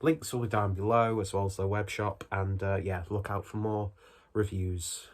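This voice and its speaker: A man's voice: on the low side, flat delivery, moderate pace. A man, still out of breath from a cold, chatting his way through a casual beer review at home in a rambling, self-deprecating manner.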